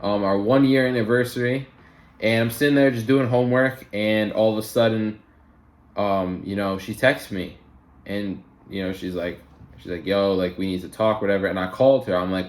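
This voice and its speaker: A man's voice: fairly low pitch, fairly even intonation, moderate pace. Young man venting in an echoey room. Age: young adult. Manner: casual, heated, swearing, many fillers. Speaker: vlogger. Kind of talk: storytime vlog.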